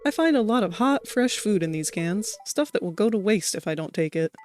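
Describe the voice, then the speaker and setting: A woman's voice: medium pitch, animated, fairly quick, a little mellow, faint music behind, lightly acted. A woman reading the lines of a shy, defensive hermit man from a game cutscene, in an earnest, pleading way.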